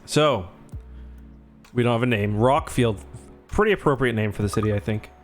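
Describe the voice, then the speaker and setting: A man's voice: medium pitch, moderate pace. Young male streamer, rambling casual chat over faint music. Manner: chatty, rambling, thanks viewers. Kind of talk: casual gameplay livestream.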